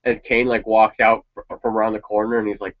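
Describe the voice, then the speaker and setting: A man's voice: on the low side, little pitch movement, fast talker. A man chatting casually and swearing now and then as he reacts to a wrestling show. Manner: rambling, opinionated, swears casually. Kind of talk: casual chat. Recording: dull lo-fi sound.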